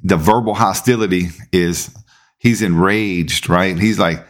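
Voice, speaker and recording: Guy on a podcast, kinda low voice, chill storytelling, repeats himself a bit. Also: unhurried. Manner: laid-back, conversational, repeats words when building up. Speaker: podcast host. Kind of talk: casual storytelling.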